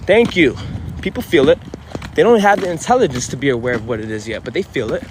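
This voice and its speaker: A spiritual vlogger speaks quickly in a medium-pitched voice, delivering a fierce, foul-mouthed, confrontational pep talk outdoors next to a street. Traffic and street sounds can be heard in the background.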